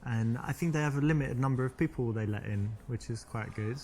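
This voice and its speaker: A man playing a calm friendly dater. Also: medium pitch, fairly quick, natural voice. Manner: calm, friendly, asking questions. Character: friendly man on a first date. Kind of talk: video game acting.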